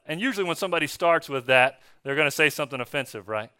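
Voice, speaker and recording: A male pastor preaching a conversational sermon, telling a story in a relaxed way with fillers and restarts. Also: mid-range voice, fast talker, smooth, dry recording, studio quality. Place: church.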